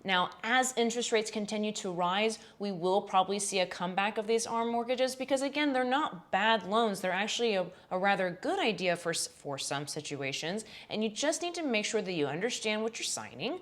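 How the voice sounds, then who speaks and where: A woman's voice: medium pitch, lively intonation, a little fast, few pauses. Chatty woman explaining housing market. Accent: Texan. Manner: chatty, informal, with fillers and asides. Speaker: real estate vlogger. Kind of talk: casual explainer to camera.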